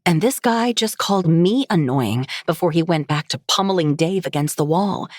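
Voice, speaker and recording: A woman reading a first-person story aloud in a steady, measured way. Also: lowish voice, no echo, clean studio sound. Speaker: narrator.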